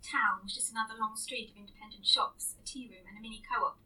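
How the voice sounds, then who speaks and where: A woman's voice: a little high, steady tone, fast, sharp tone, far from the mic, low-quality recording. A woman reading a story aloud as narrator, in a dry, understated way. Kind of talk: audiobook reading.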